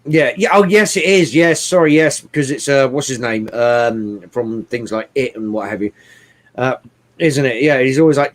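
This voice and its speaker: A man chatting casually about films, animated and swearing often, with bursts of mimicry. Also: medium pitch, moderate pace. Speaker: podcast co-host. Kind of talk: casual movie chat.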